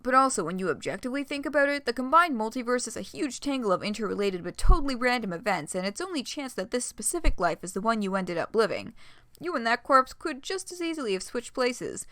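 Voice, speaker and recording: A cool, deadpan teenage boy from a storybook read-aloud, rambling in an easy, flat way, as a woman reads him out. The voice stays close to her own, lower and lazier, in a dry close room. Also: quick pace, no echo. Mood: laid-back.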